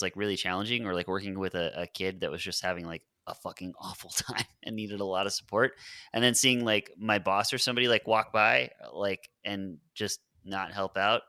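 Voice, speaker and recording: A young man reflecting in casual chat, halting and filling his sentences with likes. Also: lowish voice, sharp tone, clear, resonant tone, no echo, studio quality. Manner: reflective, halting, heavy filler use.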